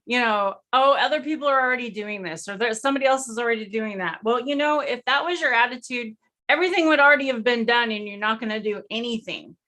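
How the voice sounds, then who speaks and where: A woman's voice: a little high, fast, sharp tone. A woman hosting a casual live stream, chatty and enthusiastic, with lots of fillers, over a video call. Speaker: host.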